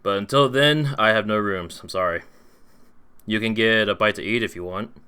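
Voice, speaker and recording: A man playing a busy male tavern barkeep who talks in a brisk, apologetic, chatty way. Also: fairly low pitch, pushed and bright, clean tone. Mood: harried.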